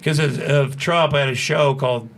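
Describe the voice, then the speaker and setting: A man in his sixties telling a story as a studio guest, profane and animated, acting out what people said. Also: medium pitch. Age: 60s. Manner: profane, animated, fast-talking storyteller who acts out quotes. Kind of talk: casual storytelling.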